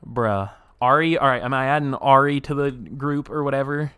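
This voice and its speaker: A young man live streams, reacting and reading chat aloud excitably, laughing often and swearing casually. His mid-range voice moves at normal speed and sounds smooth, with no room sound.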